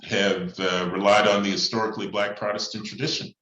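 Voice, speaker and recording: Deep-voiced priest thinking out loud, lots of uhs, echoey room. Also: male voice, little pitch movement. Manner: thoughtful and measured, with frequent pauses and fillers. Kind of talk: reflective talk on church and society. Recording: echoey room, slightly dull sound.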